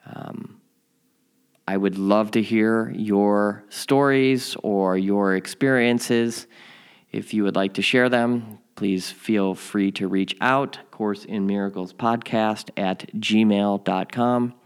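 Calm, slightly low-voiced man reading. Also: clean tone. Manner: calm, measured reading that slows on key phrases. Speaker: podcast host. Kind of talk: reading a spiritual lesson aloud with comments.

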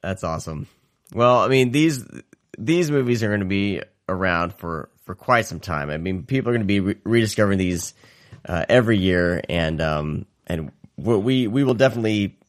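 Laid-back lower-voiced male podcast host. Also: animated, normal speed, no room sound, studio quality. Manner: easygoing, laughs often, hesitant restarts. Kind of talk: casual interview chat.

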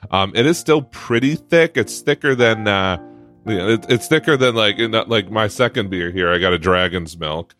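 A man's voice: fairly low pitch, normal speed, a bit bright, faint music behind. A man co-hosting a podcast in casual chat, sarcastic and joking, laughing often as he talks. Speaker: podcast co-host.

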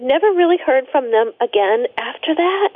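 A woman guest telling a personal story in a radio interview, earnest and halting, with many restarts. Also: sits high, expressive, breathy edge, dry recording. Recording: tinny phone line.

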